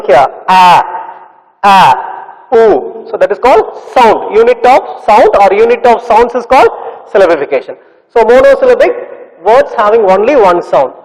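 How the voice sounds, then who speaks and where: A man with a high voice teaches a classroom lesson, going over words again and again and drawing out their sounds. His voice carries with a long reverb, as if in a large, hard-walled room. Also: a little mellow. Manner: slow, repetitive explaining with drawn-out sounds. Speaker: English teacher.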